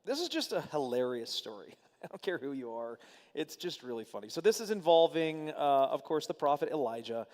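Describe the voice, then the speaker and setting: Animated man teaching in a reverberant hall. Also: a little high, fairly quick. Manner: animated reading with casual asides. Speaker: Bible study teacher. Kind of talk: teaching Bible study.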